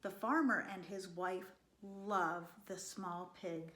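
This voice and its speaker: A woman reading a children's picture book aloud, slow and expressive, sometimes dropping to a whisper. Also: lowish voice, reverberant, slight background noise. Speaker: storyteller.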